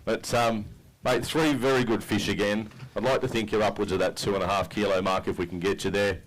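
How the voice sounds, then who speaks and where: A man's voice: on the low side, level tone, a little fast, rough recording. An Australian man emceeing an outdoor fishing tournament weigh-in, chatting in a matey, upbeat way with each angler as he reads out their weights. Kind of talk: live weigh-in commentary. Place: outdoors at a boat ramp.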